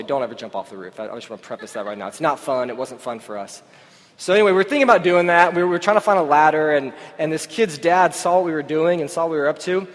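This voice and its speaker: A pastor preaching a sermon to his church, telling a personal story in a conversational way. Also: a little high. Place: church service. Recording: long hall reverb.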